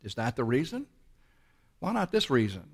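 Man, pastor, sermon, emphatic, rhetorical questions, quick bursts then slow drawn-out phrases. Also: mid-range voice, big pitch swings, vocal fry, slightly rough.

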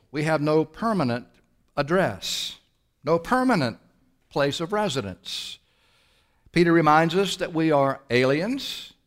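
Preaching a sermon as pastor, a man with a voice on the high side presses his listeners with rhetorical questions. His delivery shifts between quick bursts and slow, drawn-out phrases.

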